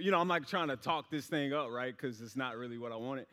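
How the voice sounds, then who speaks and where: A man's voice: medium pitch, quick pace, hardly any pauses, a bit bright, long reverb tail. A young adult man preaching a storytelling sermon in a casual, rambling way, full of fillers.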